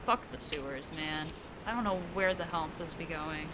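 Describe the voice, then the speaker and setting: A woman's voice: low-pitched, brisk, background noise. A young woman from the United States with an East Coast accent, chatting casually with her chat while gaming, laughing often and swearing offhandedly. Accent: American East Coast. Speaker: streamer.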